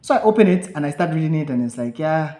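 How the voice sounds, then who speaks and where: Fast and a little high in pitch, a young man tells a story as a podcast co-host in casual chat. He acts out what he and others said with animated energy; the recording has an echoey room sound.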